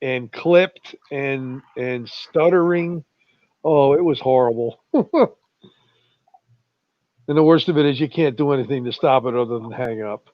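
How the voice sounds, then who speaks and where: A man in casual online talk, drawling slowly and chuckling as he tells stories. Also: mid-range voice, dry recording. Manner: slow, drawling storyteller, chuckles often. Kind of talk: casual chat. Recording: muffled lo-fi voice chat.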